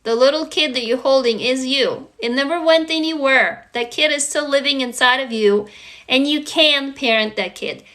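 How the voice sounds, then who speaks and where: Bright high-voiced woman livestreaming. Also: moderate pace. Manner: earnest, emotional, talks straight to viewers with swearing. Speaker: livestream host. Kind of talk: casual self-help livestream talk. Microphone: phone.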